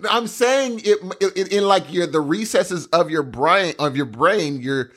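A young man on co-host duty, chatting casually, animated and excitable. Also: high voice, measured pace, slightly rough. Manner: animated, excitable, says "dude" a lot. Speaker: podcast co-host. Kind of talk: casual chat.

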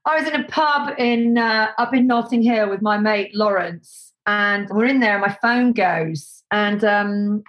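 Animated woman telling stories. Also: mid-range voice, measured pace, muffled recording. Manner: animated, acts out quoted voices, many fillers and restarts. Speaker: guest, set decorator. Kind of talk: casual anecdotal storytelling.

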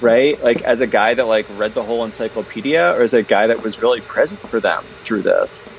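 A man guesting in a casual interview conversation, talking about his books in an animated, chatty way, full of fillers and restarts. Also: medium pitch, a little fast, a little hiss or hum, rough recording. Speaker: guest, parenting author.

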